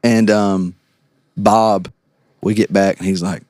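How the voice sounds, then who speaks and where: A young man, a podcast guest and actor, telling stories in an animated, casual way with frequent laughs and quick asides. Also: on the low side, no echo, studio quality. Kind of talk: casual storytelling.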